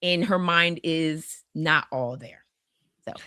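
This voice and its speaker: A woman with a slightly low voice talks through horror films on a podcast. She is animated, restarts her sentences often and acts out the lines she quotes. The sound is dry and close to the mic. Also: slow pace, clear, resonant tone, no room sound. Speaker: podcast co-host. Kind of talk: casual horror film discussion.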